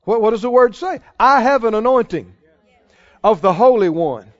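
A man's voice: high-pitched, animated, normal speed. A man preaching a sermon, stretching out his key phrases for emphasis and chuckling now and then. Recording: dull lo-fi sound.

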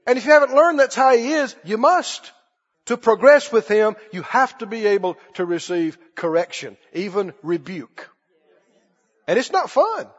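With a high-pitched, expressive voice that has a breathy edge, a man preaches at a moderate pace. He's emphatic and repetitive, calling out for congregation responses, in a dull lo-fi recording with long hall reverb.

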